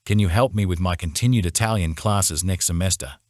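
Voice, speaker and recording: A man's voice: sits low, a little fast, dry recording, studio quality, close to an everyday voice. A man voicing an eager, chirpy young woman in a romance audiobook. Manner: bright, eager.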